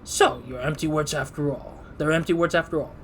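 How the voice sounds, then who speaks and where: Stern old country priest, solemn drawl, put-on country accent, voiced a bit high by a man. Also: steady tone, fairly quick, a bit bright, a little hiss or hum, lightly acted. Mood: preachy.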